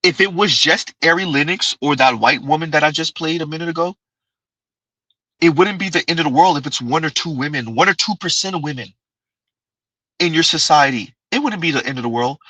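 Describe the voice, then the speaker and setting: Bright, crisp-voiced male commentator. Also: a little high, brisk, no echo, poor audio. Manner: emphatic, conversational, repeats key phrases. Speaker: commentary channel host. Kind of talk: casual commentary reacting to clips.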